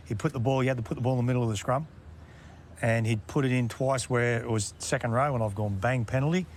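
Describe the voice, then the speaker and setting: A man, a former referee telling stories in a relaxed interview and chuckling at his own anecdotes. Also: medium pitch, quick pace, slight background noise. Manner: laid-back yarn-spinner, acts out quotes, chuckles. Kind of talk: casual storytelling interview.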